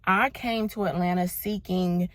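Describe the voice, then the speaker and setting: Expressive woman sharing a faith testimony. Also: lowish voice, unhurried, no room sound, clean studio sound. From Los Angeles, United States. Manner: expressive, emphatic, calls listeners "baby" and "y'all". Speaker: vlogger.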